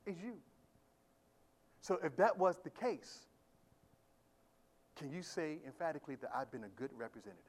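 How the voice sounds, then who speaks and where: Man, pastor, fairly high voice, preaching, quiet-to-loud swings, call-and-response questions. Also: lively intonation, moderate pace, pauses often. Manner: swings from quiet talk to loud shouted emphasis; asks the congregation questions. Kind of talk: sermon. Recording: live church sermon audio.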